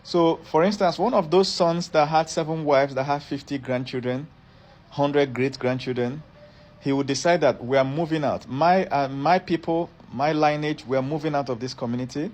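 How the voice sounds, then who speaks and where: Man lecturing in a higher register. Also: normal speed, darkish tone. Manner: repeats and rephrases phrases for emphasis. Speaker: educator. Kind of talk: explanatory lecture.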